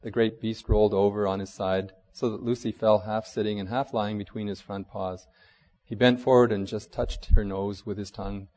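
A man's voice: on the low side, steady tone, moderate pace, mellow, big-room sound, rough recording. A man pastor reading a storybook aloud and then closing a sermon in an informal, hesitant way. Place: church.

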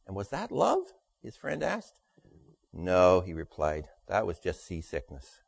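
A man preaching a sermon, telling jokes in a dry storytelling way and dropping his voice low for the punchlines. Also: huge pitch swings, measured pace, vocal fry, slightly rough, no echo. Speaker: pastor.

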